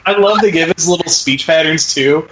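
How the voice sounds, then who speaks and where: A man's voice: on the high side, unhurried, over a noisy crowd, low-quality recording. A man co-hosting a podcast in casual chat, rambling, swearing and laughing between thoughts. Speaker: podcast co-host.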